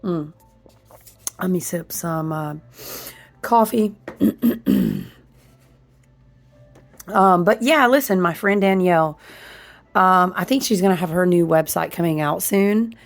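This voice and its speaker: A chatty woman talking straight to her viewers in a low, gravelly voice. She is hoarse, her voice still on the mend, with a husky, smoky edge. Her delivery is animated and informal, full of asides to her audience. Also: slow pace, pauses often, soft background music. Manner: chatty, animated, says "y'all" and "listen" often. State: hoarse, voice recovering. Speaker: candle and ritual tool maker. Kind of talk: casual chat to camera.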